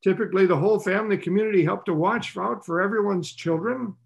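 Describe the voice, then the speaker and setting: Gravelly-voiced man giving a sermon. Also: fast. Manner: conversational, with rhetorical questions and light laughs; voices the characters' lines with rising pitch. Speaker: preacher.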